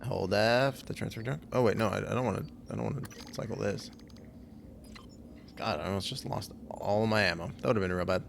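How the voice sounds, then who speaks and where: A man's voice: fairly low pitch, fairly quick, creaky, a little hiss or hum. A young man swearing and joking sarcastically as he plays a game on a live stream. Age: young adult.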